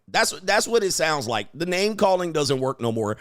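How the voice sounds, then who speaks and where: A man hosting a livestream, riffing loosely in slangy talk with frequent laughs and mimicry. His voice sits a little high for a man and carries a gravelly, creaky texture. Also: animated, a little slow, pauses often, a bit bright, dry recording, studio quality. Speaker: host and commentator. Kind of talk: livestream commentary.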